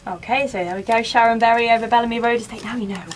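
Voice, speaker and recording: A woman's voice: on the high side, steady tone, rapid-fire, slight background noise. A woman with an English accent presenting local radio from a studio, with chirpy, polished patter.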